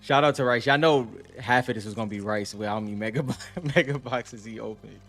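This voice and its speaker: A man's voice: medium pitch, fairly quick, fairly bright tone, soft background music. A man co-hosting a casual card chat, easygoing and slangy, talking straight to viewers. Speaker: co-host.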